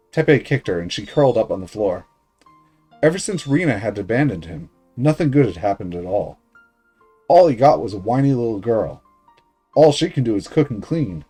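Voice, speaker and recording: Animated male streamer reading a story game. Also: lowish voice, moderate pace, breathy edge, soft background music. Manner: lively reading with casual asides. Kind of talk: reading a visual novel aloud with comments.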